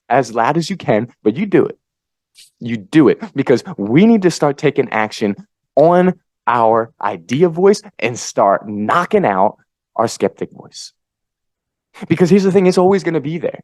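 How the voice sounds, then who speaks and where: A man's voice: normal speed, no echo. Fired-up man giving a motivational pep talk. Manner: energetic, swings between pep-talk shouts and low asides. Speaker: podcast host. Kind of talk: motivational monologue.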